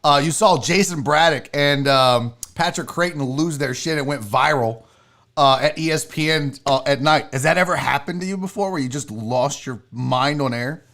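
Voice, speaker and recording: A man's voice: a little high, normal speed, fairly bright tone. A man hosting a sports talk show, chatting casually and animatedly, telling self-mocking stories. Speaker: sports radio host. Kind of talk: casual radio chat.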